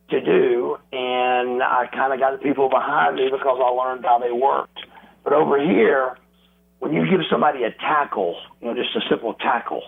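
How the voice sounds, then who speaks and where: A man telling wrestling stories as an interview guest, animated and acting out crowd reactions and quotes. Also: mid-range voice, gravelly, husky. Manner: animated storyteller, acts out crowd noises and quotes. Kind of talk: casual storytelling interview. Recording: tinny phone line.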